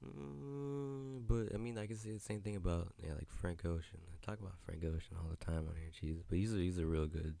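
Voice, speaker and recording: A man's voice: sits low, steady tone, fast talker, vocal fry, hardly any pauses, warm tone, dry recording. A young man hosting a casual solo podcast, rambling in a laid-back way, swearing and laughing often, on a podcast mic. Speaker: podcast host. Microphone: podcast mic with headphones.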